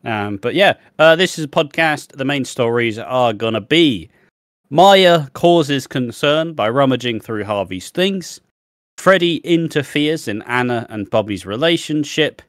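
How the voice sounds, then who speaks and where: A man's voice: mid-range voice, lively intonation, measured pace, fairly bright tone, dry recording, studio quality. A man co-hosting a podcast in casual, chatty talk, swearing freely. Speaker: podcast co-host.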